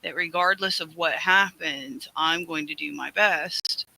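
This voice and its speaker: A man's voice: a little high, a little slow, creaky, bright, forceful tone, poor audio. A man in a group discussion, talking earnestly and reflectively in a casual chat.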